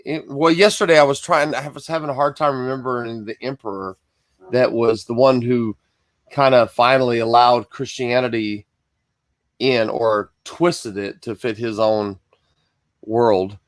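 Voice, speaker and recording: A man's voice: mid-range voice, fairly even intonation, a little slow, no echo, clean studio sound. A man hosting a live-streamed Bible study from Michigan, chatting casually and greeting viewers by name between rambling asides.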